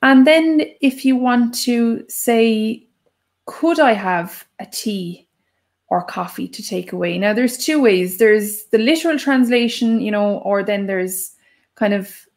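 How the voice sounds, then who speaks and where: Irish woman, gravelly teaching voice. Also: fairly high pitch, takes it slowly. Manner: chatty, lively explaining with emphatic examples. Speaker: Irish language teacher, co-host. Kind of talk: live stream Q&A lesson.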